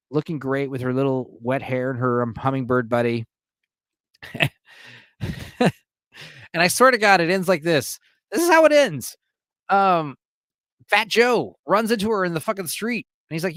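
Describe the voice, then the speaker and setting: A man's voice: fairly high pitch, a bit bright, smooth, no room sound, clean studio sound. A man streaming alone, giving a casual, profane movie recap and laughing often.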